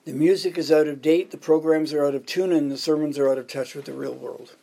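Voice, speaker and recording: A man's voice: on the high side, fairly even intonation, brisk, creaky, mellow. A man preaching a sermon, telling joke anecdotes and counting off his points in order. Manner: jokey storytelling, counting off points. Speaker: pastor.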